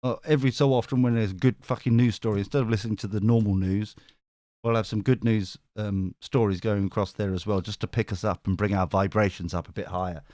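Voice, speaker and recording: A man's voice: fairly low pitch, fairly even intonation, fast talker, darkish tone, dry recording, clean studio sound. A man casually chatting with his viewers on a live stream, cheeky and swearing, often laughing. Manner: cheeky, swears, laughs a lot, reads chat aloud. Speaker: tarot reader streamer.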